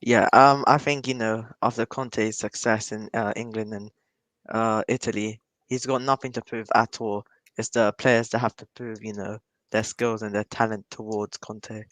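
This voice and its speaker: A man guesting on a football podcast, giving measured opinions with "you know" fillers. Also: on the low side, level tone, a bit bright, no room sound. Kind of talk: casual chat.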